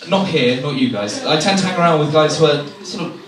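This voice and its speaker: Young English man doing lively stand-up. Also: fairly high pitch, fast, crowd noise. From England. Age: young adult. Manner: self-deprecating, animated storytelling with acted-out voices. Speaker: stand-up comedian. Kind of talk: stand-up comedy set. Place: comedy venue with a laughing audience. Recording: echoey room from far off, noisy.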